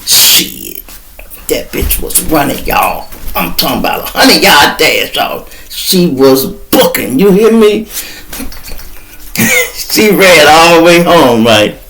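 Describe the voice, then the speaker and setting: A man telling a rough street story on his podcast, animated and profane, slipping into the voices of the people in it. His voice sits fairly high and has a gravelly, fried edge. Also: slow pace, slight background noise, rough recording. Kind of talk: casual storytelling.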